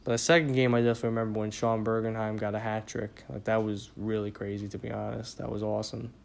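Fast and gravelly, the low voice of this young adult podcast host barely moves in pitch. He's a worn-out guy from around New York doing a laid-back solo show, wandering from point to point with plenty of profanity and filler.

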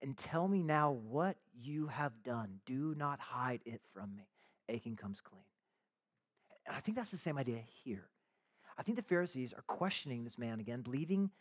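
A man's voice: medium pitch, animated, normal speed. A man preaching a sermon as pastor, talking conversationally and acting out the voices of the people in the story, with casual slang asides.

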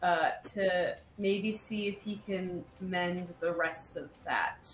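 A woman's voice: lowish voice, slow, echoey room, slight background noise. Brash woman playing a tabletop game. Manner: brash, profane banter. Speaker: player.

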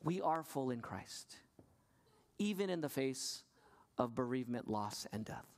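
A male pastor delivering a sermon to his congregation, asking them questions, his voice sinking low and soft and then climbing high and pressing. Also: lively intonation, unhurried.

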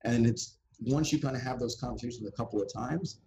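Man, podcast guest, gravelly low voice, acts out quotes, faint noise behind. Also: a little fast, low-quality recording. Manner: animated storyteller who acts out quoted voices. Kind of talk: casual podcast conversation.

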